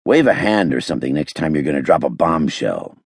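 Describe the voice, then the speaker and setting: A man voicing a sour, hungover police lieutenant who talks gruffly and sarcastically. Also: a bass voice, very animated, fairly quick, no echo, studio quality, exaggerated voice.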